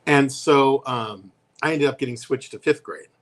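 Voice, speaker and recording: Man, casual chat, animated storytelling, livestream talk show co-host. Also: medium pitch, moderate pace. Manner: animated storytelling with voiced quotes. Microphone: live stream.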